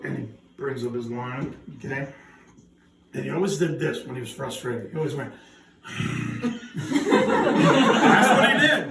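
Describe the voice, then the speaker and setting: A man giving a son-in-law's speech, telling a comic story in an animated way and laughing as he goes. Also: mid-range voice, normal speed, creaky, pauses often, very noisy. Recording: echoey hall from far off with crowd.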